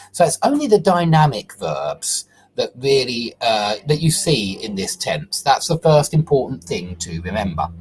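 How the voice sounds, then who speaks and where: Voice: medium pitch, a little mellow, husky. An English grammar teacher explaining a tense step by step, stressing key points and often checking in with "okay?" or "yeah?".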